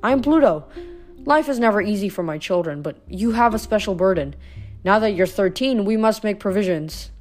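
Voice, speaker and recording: A woman reading aloud, voicing a weary, brooding male god of the dead who speaks slowly and sighs. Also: medium pitch, expressive, darkish tone, soft background music, close to an everyday voice. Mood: melancholy. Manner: slow, sorrowful, sighing.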